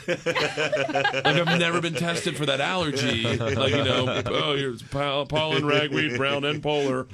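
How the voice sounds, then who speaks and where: A man's voice: fairly high pitch, slow. A man telling a wild comic story as a radio guest, laughing and acting out voices. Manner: loud, laughing, acts out voices in his stories. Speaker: comedian guest. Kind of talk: animated storytelling on a radio show. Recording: in front of a loudly laughing studio crowd.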